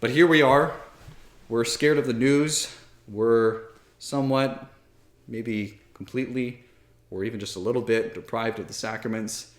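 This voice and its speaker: A man's voice: mid-range voice, steady tone, measured pace, roomy sound. A man in his thirties, a priest, giving a candid, self-deprecating talk with many fillers and restarts from a library armchair. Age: 30s. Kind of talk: casual spoken talk to camera.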